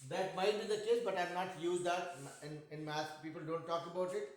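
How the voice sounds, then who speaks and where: A man's voice: high voice, fairly quick. A man with an Indian accent teaching a math class, patient and jokey, often checking in with students. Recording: echoey room.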